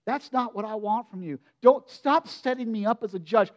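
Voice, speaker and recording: A man giving a sermon as pastor, preaching in an expressive, conversational way and often asking his listeners direct questions. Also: high voice, normal speed, few pauses, dull audio.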